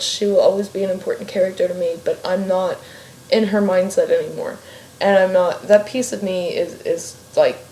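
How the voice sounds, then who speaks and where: This casual vlog chat comes from an Ohio fiction writer in a room at home, where the echo and faint ambient noise are audible. Her mellow, mid-range voice rambles and drifts sideways, and she swears freely.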